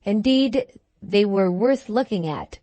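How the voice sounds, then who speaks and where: A woman narrating an audiobook in a slow, deliberate reading. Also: medium pitch, animated, warm tone, no room sound.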